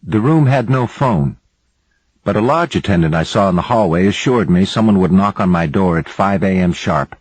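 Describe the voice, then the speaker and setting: A man narrating an audiobook in the first person with steady, even storytelling. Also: deep voice, moderate pace, slightly rough, dry recording, rough recording.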